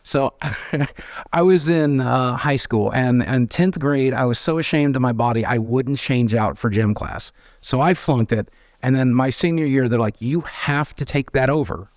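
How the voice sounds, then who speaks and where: Speaking at a measured pace, this mid-range American male interview guest shares candid anecdotes, voicing the characters in them with animation. The studio-quality recording has no echo, and his manner is frank and self-deprecating.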